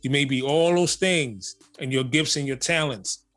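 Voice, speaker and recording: A man co-hosting a casual faith podcast, talking in an animated, emphatic way and repeating phrases for effect. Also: medium pitch, moderate pace. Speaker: podcast co-host.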